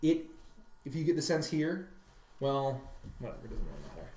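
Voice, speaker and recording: A man narrating as game master of a tabletop game, halting and thinking aloud with fillers. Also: medium pitch, big pitch swings, dark tone, a little hiss or hum. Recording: roomy echo.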